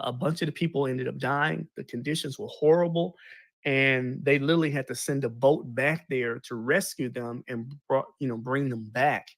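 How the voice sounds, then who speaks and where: A man casually explaining history in an animated, slangy way, retelling events with paraphrased quotes. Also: mid-range voice, creaky, no room sound.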